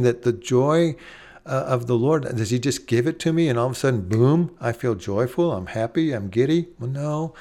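A man delivers a sermon in a mid-pitched voice. He speaks earnestly, slowing and pausing for emphasis, and lets key phrases fall soft. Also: expressive. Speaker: preacher.

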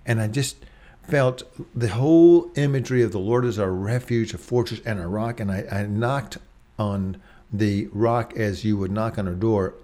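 A man preaching a devotional sermon in a gentle, reflective way, slowing down to stress single words. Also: fairly low pitch.

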